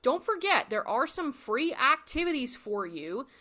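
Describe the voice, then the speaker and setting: A woman teaching a recorded Spanish lesson, encouraging learners and repeating phrases slowly. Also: high-pitched, big pitch swings, bright, forceful tone.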